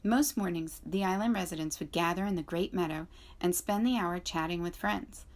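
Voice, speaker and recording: Woman librarian, clear expressive read-aloud of a children's book for students. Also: fairly low pitch, moderate pace. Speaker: school librarian.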